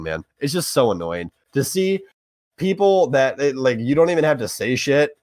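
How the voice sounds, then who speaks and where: A young man holds forth on a podcast, his voice sitting a touch high and climbing further as he gets heated. He swears freely and hammers his points with blunt emphasis. The sound is close and dry, with no room around it. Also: wildly swooping pitch, moderate pace, dry recording. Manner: profane, emphatic, rising in pitch when heated. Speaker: podcast co-host. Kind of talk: heated casual rant.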